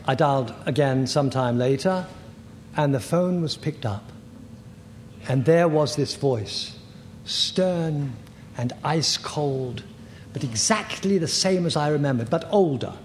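An older man in his sixties giving personal testimony as a recovery meeting speaker, halting, candid and self-deprecating. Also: a little high, expressive, a little mellow. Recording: echoey hall with faint noise.

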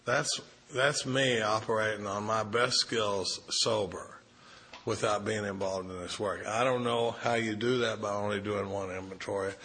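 Middle-aged male recovery speaker, anecdotal and self-deprecating, bright tone. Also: fairly low pitch, steady tone, normal speed, slight background noise. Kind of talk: storytelling talk to a recovery group.

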